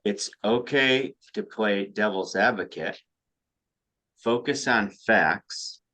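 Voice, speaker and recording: A man who coaches high school softball, co-hosting a casual podcast chat, often restarting his sentences. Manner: halting, repeats words when starting sentences.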